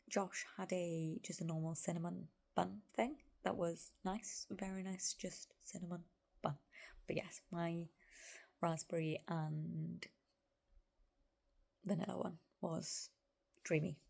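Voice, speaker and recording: A woman, talking through a casual vlog in a rambling, chatty way with plenty of fillers and side notes. Her voice sits on the low side with a gravelly fry, and she often sinks into a soft whisper. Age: 30s. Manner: chatty and rambling, full of "like" and asides. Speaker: vlogger. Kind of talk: casual vlog chat to camera.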